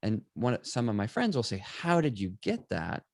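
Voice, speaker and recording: A middle-aged man, a photographer and guest, telling stories in conversation and acting out bits of dialogue with lively energy. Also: lowish voice, moderate pace, vocal fry, no room sound, clean studio sound. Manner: animated, acts out quoted dialogue. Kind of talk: conversational storytelling.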